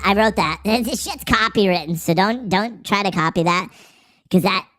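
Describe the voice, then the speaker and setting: A man doing a brash, high-pitched cartoon turnip. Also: normal speed, loud music behind the voice, close to an everyday voice. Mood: cocky. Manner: profane, mocking, boastful. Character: brash, cocky little male turnip. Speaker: live-stream host. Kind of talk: live-stream chat reading.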